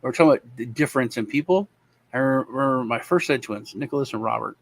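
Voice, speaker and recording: A man chatting casually, telling lively stories about his kids and acting out their voices. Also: mid-range voice, fast. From Texas. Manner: animated, acts out his kids' voices. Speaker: co-host. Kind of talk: casual storytelling chat.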